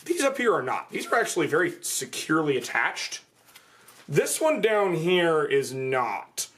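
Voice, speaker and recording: A young man vents his frustration in a product review, swearing now and then, his somewhat high voice swinging widely and spiking in disbelief. He sounds a little distant from the camera mic. The room around him is echoey. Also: big pitch swings, a little slow, fairly bright tone. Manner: exasperated ranting, voice jumping high in disbelief, swearing. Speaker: armor reviewer.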